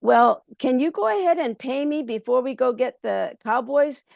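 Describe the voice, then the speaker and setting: A high, wheedling young trickster of a farmhand, voiced by a woman telling a folk tale. He sounds innocent and polite while he swindles, and a fry rasps under the words. The sound is close and dry. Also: animated, normal speed, darkish tone, no room sound, lo-fi sound, full character voice. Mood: sly polite. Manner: pleading, breathless when fooling the boss.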